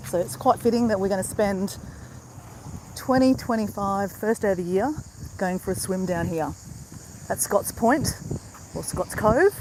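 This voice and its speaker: A woman in mid pitch, chatting cheerfully to her viewers while out walking. She keeps calling them "guys" and rambles about what she packed. A faint hum of outdoor noise sits behind her phone-camera audio. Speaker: vlogger. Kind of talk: casual live-stream vlog. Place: outdoors by a beach and car.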